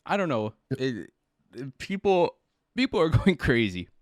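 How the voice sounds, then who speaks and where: A man's voice: medium pitch, very animated, unhurried, no echo, studio quality. A man co-hosting a casual podcast, laid-back, swearing casually and trailing off into laughter. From Canada. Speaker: podcast co-host. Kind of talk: casual chat.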